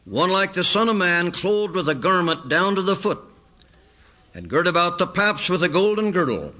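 Male preacher, bright clear tone, measured scripture reading. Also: sits high, big pitch swings, poor audio. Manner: earnest, quotes scripture in slow measured cadence. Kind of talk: sermon.

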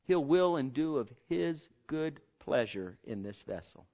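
A man preaching a sermon, swinging from hushed murmurs to loud, fervent exhortations. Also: on the high side, expressive, a little slow, lo-fi sound.

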